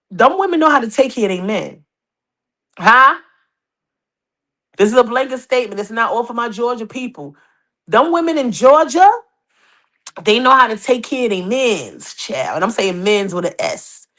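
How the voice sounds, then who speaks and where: Female podcast host, New York accent, higher voice, profane and animated gossip delivery. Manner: brash, animated, profane, mocking. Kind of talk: casual gossip commentary.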